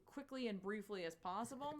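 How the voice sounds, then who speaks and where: A woman co-hosting a comics podcast, casually recapping a book in a chatty, filler-heavy way with lively swings in pitch. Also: brisk.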